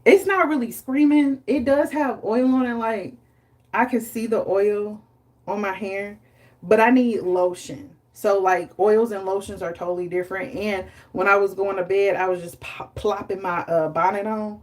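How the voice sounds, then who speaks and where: A woman's voice: mid-range voice, moderate pace. Chatty woman live-streaming about hair care. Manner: chatty, animated, dramatizes stories with laughter.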